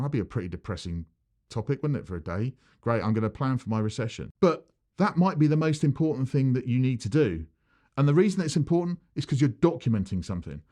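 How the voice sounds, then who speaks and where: A man, an accountant talking straight to camera about business, who acts out small back-and-forth scenes. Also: medium pitch. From United Kingdom. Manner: animated, acts out little dialogues with changing voices. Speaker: accountant giving business advice. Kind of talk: direct-to-camera advice video.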